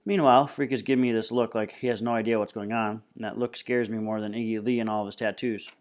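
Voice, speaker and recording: A man reading a novel aloud in plain, steady storytelling. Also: fairly low pitch, fast talker. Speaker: reader.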